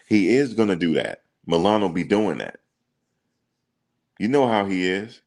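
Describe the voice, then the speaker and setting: Very deep gravelly-voiced man chatting. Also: moderate pace. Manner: relaxed slangy banter, thinks aloud with ums. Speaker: reaction streamer. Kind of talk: casual chat reading viewer comments.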